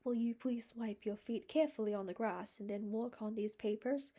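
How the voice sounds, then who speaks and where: A woman's voice: fairly high pitch, steady tone, brisk, a little mellow. A woman voicing a fussy, anxious, house-proud woman from a storybook.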